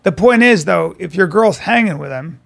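A man hosting a podcast, telling stories in casual comedic chat and often dropping to a hushed delivery. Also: high-pitched, lively intonation, normal speed, creaky. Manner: storytelling, slips into quiet hushed delivery. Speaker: podcast host.

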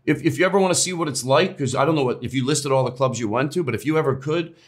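A male comedian as an interview guest, talking in rambling, animated bursts with restarts and swearing. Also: mid-range voice, very fast. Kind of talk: casual interview chat.

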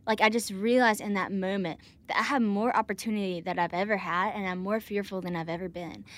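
A woman's voice: mid-range voice, brisk. A young adult woman, a guest telling a story in casual talk and acting out the voices of people in it. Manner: animated, acts out voices in her stories.

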